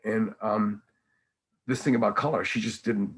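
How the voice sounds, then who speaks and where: A man in his sixties, a painter, telling rambling, animated stories in casual conversation with many restarts. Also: fairly low pitch, normal speed, breathy edge. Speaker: painter and guest.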